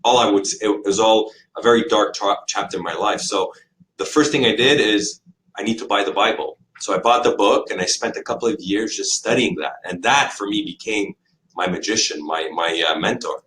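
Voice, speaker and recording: A man hosting an interview who speaks in a reflective, soft-spoken way. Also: fairly low pitch, normal speed. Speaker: host. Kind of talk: casual conversational interview. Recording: distant mic with faint noise.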